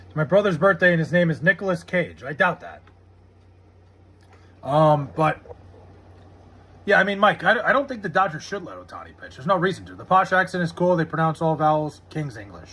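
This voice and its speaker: A man's voice: fairly high pitch, sing-song, a little fast, pauses often, pushed and bright, husky. An American man live-streaming, chatting loosely and profanely with viewers, full of "like" fillers. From United States. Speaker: live streamer reading chat. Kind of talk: casual rambling chat.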